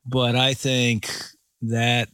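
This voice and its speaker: A man, a pastor co-hosting a casual chat, speaking reflectively and slowing down to stress his points. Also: mid-range voice, level tone, sharp tone, clear, resonant tone, no echo, clean studio sound. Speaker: pastor and co-host.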